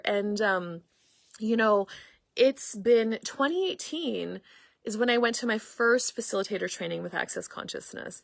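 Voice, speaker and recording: A woman's voice: fairly high pitch, expressive, normal speed, dry recording, clean studio sound. A middle-aged woman host telling a story in a casual, meandering way, acting out quoted dialogue. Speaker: podcast host and facilitator.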